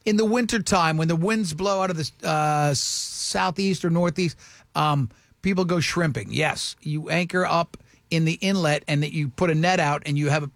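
A man hosting a radio show with a high, gravelly voice. He rambles through casual banter and restarts his sentences often. The studio sound is dry and close. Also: moderate pace, no echo.

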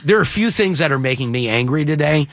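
A man hosting a radio morning show, chatting casually with co-hosts and callers, animated and joking. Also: fairly high pitch, dry recording, studio quality. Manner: animated, joking, quick to laugh. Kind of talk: casual radio chat taking calls.

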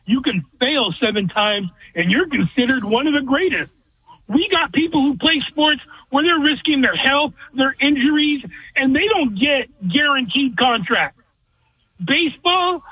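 A man's voice: very high-pitched, no echo. A man calling in to a sports radio show, giving blunt, ranting opinions. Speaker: caller. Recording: phone line.

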